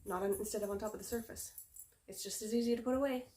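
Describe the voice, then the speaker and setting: A woman's voice: a little high, steady tone, quick pace, dark tone, reverberant, a little hiss or hum. Chatty woman tidying her bedroom. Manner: chatty, self-mocking, talks to viewers. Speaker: home cleaning vlogger. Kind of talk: casual vlog narration while tidying. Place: bedroom at home.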